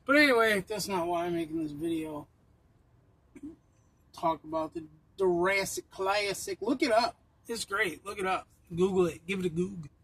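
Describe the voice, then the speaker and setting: A man's voice: sits high, expressive, moderate pace, husky, poor audio. A man ranting bluntly and profanely while driving, rambling from one point to the next. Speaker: vlogger. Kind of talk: casual rant while driving. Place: inside a car on the road. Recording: loud road and engine noise.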